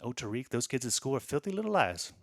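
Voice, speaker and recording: A man voicing a stern mother who scolds her young son in a flat, deadpan way, as part of a stand-up bit. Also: mid-range voice, fast talker, creaky, no room sound, clean studio sound.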